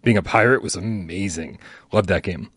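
A man's voice: sits low, moderate pace, fairly bright tone, husky, dry recording. A man co-hosting a casual gaming podcast, talking frankly and wryly with frequent restarts. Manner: rambling, restarts, frank and wry. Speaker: podcast co-host.

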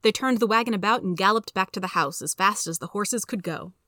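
A woman narrating a children's story aloud in a steady, even storytelling manner. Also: mid-range voice, brisk, no room sound, clean studio sound.

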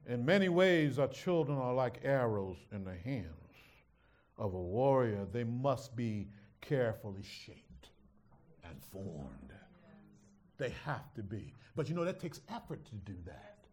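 A male pastor preaching a sermon, swinging from hushed asides to loud shouts and teasing his congregation. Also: mid-range voice, lively intonation, unhurried.

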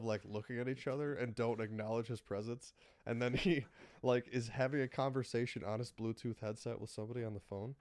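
Young guy rambling on a podcast, lotta "like"s, lowish voice, dead dry sound. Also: darkish tone, no room sound. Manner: rambling, filler-heavy, laughs often. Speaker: podcast co-host. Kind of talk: casual chat.

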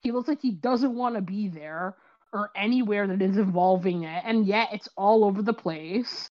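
Podcast host, woman, lively storyteller, slightly muffled audio. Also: medium pitch, moderate pace. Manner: animated storytelling, acts out quotes, many fillers. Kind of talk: casual chat about films.

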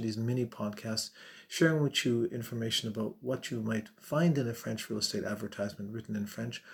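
Man hosting a real estate podcast. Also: medium pitch. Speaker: podcast host. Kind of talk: solo podcast explainer.

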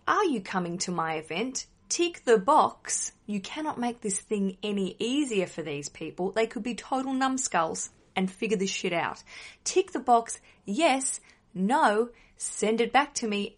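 A woman's voice: mid-range voice, animated, moderate pace, few pauses. A woman hosting a wedding advice podcast, chatty and emphatic, blunt with some mild swearing.

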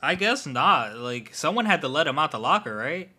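A man's voice: a little high, very animated, moderate pace, pushed and bright, breathy edge. A man in casual chat as a podcast co-host, talking bluntly and swearing freely.

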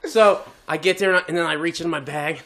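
A man's voice: fairly high pitch, fast talker, slight background noise. A man co-hosting a podcast in casual chat, telling a story in a profane way and often laughing as he talks. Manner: profane, animated, laughing through his own story. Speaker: podcast co-host.

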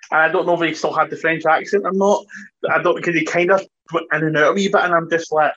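A man's voice: on the high side, steady tone, a little fast, fairly bright tone, dull audio. A man co-hosting a podcast, telling rambling, amused stories. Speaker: podcast co-host. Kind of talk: casual podcast chat.

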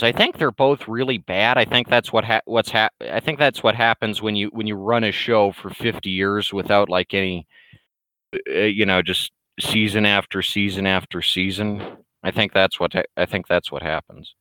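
A man's voice: fairly low pitch, normal speed, pushed and bright, no room sound, rough recording. A man ranting casually to camera, blunt and rambling, with many restarts and fillers. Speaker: vlogger. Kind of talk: casual opinionated rant.

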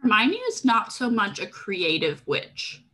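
Bright, husky woman co-hosting a podcast. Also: mid-range voice, lively intonation, measured pace. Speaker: podcast co-host. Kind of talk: casual book discussion.

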